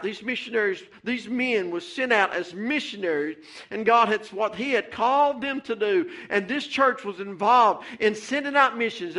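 High bright-voiced preacher. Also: male voice. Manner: fervent, repetitive, calls out "Amen" and "Hey". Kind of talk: sermon. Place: church.

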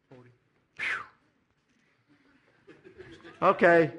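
A man's voice: fairly high pitch, extremely slow, pauses often. A middle-aged man preaching a sermon, building to fervent, repeated climaxes. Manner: rising to fervent shouted climaxes, repetitive preaching cadence. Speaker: pastor.

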